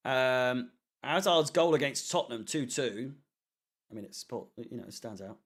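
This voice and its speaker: A man with a medium-pitched voice and lively intonation hosts a fan channel's watchalong stream at a moderate pace. He reads comments and chats casually, rambling along with fillers and an occasional swear word.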